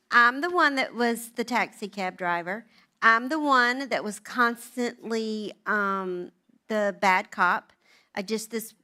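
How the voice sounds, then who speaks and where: Middle-aged woman, church event speaker, bright crisp tone, lively wry storyteller. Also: a little high. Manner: animated, self-deprecating, wry humor. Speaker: guest speaker at a church moms' night. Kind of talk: storytelling talk to a live audience.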